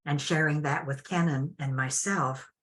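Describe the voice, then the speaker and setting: An older woman telling a personal story as an interview guest, unhurried and reflective with frequent restarts. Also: low voice, steady tone.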